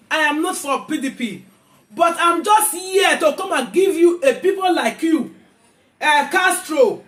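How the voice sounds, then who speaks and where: A woman with a Nigerian accent, ranting angrily in a vlog, repeating herself and often shouting. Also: extremely high pitch, echoey room. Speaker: vlogger. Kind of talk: angry rant to camera.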